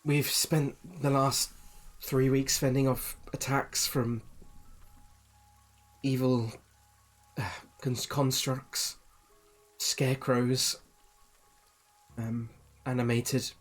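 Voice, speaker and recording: A man voicing a weary young woman, the camp leader's daughter, speaking in a slow, measured, hesitant way. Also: mid-range voice, flat delivery, soft background music.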